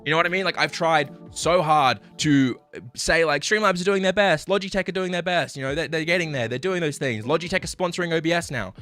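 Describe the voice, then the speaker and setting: On a live stream, a frustrated man rants at a quick pace, swearing and apologizing, swinging between loud outbursts and low muttering. Soft background music plays.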